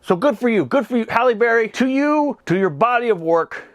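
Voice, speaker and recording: A man in his thirties giving a casual, comedic movie recap, animated and rambling. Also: extremely high pitch, fairly quick, no room sound. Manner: animated, rambling, laughs at his own jokes. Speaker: movie reviewer.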